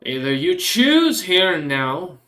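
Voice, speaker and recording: A man voicing a stern immortal old male church elder who delivers commanding proclamations at a raised pitch. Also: sing-song, takes it slowly, pushed and bright, heavily acted. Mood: furious.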